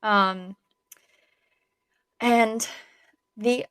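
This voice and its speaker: A woman's voice: on the high side, steady tone, very slow, fairly bright tone, smooth, dry recording, low-quality recording. A young woman co-hosting a podcast, chatting casually with a rambling, giggly manner and many fillers. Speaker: podcast co-host. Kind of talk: casual chat.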